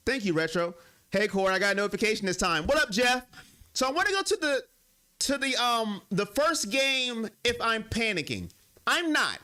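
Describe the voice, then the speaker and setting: A young man hosting a sports live stream, reading and answering viewer comments, swinging between heated rants and quiet apologies. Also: high voice.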